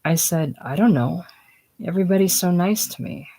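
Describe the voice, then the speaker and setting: A woman voicing a chatty, excitable young woman who rattles on about her stage triumph, in a casual script reading. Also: fairly low pitch, moderate pace, rough recording. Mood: gushing. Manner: rattles on breathlessly, gushing.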